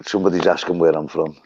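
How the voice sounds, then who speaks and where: Low-voiced Liverpool man, chatty. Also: a little mellow, husky, highs cut off. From Liverpool, England. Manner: chatty, rambling storyteller who laughs often. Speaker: live stream host. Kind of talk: casual chat. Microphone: phone.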